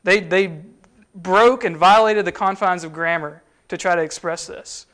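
A man with a fairly high voice preaches in a relaxed, conversational way. He explains a passage step by step, often pausing with fillers and restarting his sentences. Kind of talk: sermon teaching.

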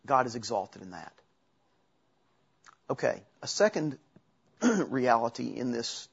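A man's voice: medium pitch, husky, lo-fi sound. A man preaching a sermon in a conversational way, with asides and self-corrections. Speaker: pastor.

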